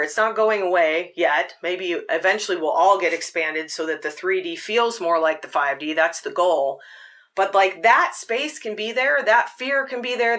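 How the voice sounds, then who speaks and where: A woman with a mid-range, slightly bright voice hosts a podcast, delivering a reflective monologue about her spiritual path. She speaks earnestly and at length, rambling a bit and filling her speech with "like."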